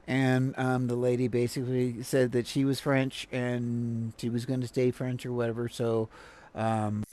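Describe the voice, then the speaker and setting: American guy rambling through a live stream reaction, lots of ums and restarts, middle pitch. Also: monotone, measured pace, a little mellow. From United States. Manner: rambling, full of fillers and restarts. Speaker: livestream host reacting to a video. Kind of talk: casual commentary.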